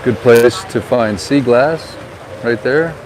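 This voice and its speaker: A man narrates his stroll through a harbor town in an easy, conversational vlog manner. He points things out and offers tips like a friendly local guide. Traffic and street noise come through clearly behind him. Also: medium pitch, slow. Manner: chatty, relaxed tour-guide commentary. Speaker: vlogger and real estate agent. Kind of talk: casual walking vlog narration.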